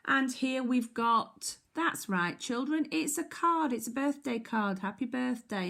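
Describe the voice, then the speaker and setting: A woman teacher leading a phonics lesson for young children, speaking clearly and encouragingly in call-and-response. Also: on the high side, animated, a little slow, few pauses, a bit bright.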